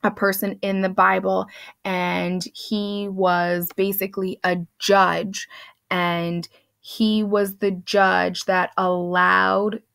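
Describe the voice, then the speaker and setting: A woman's voice: medium pitch, flat delivery, takes it slowly, gravelly, a bit bright, clean tone, no echo, studio quality. A young woman teacher summarizing a play for her class in a casual, chatty way, loosely paraphrasing the characters.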